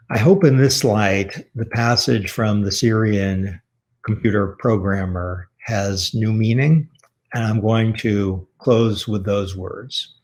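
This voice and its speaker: A man giving a public lecture, speaking in a measured, earnest and reflective way as he tells a personal story. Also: fairly low pitch, darkish tone. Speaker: author giving a talk.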